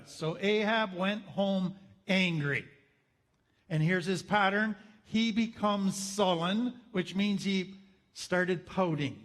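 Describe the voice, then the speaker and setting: High-voiced man teaching in an echoey hall. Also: a bit bright. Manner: storytelling with wry humorous asides. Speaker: teacher on trauma. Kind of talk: conversational teaching talk.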